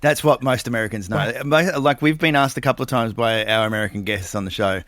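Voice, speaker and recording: A man with an Australian accent co-hosts a casual podcast chat, laid back and quick to swear. His voice sits fairly low. The mic is close and dry. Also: fairly bright tone, no room sound. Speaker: podcast co-host.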